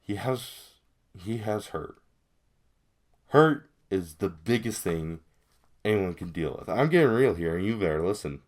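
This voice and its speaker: A man's voice: low-pitched, lively intonation, measured pace, long pauses. A man giving casual, rambling commentary as a video creator, talking straight to his viewers. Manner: rambling, addresses viewers directly.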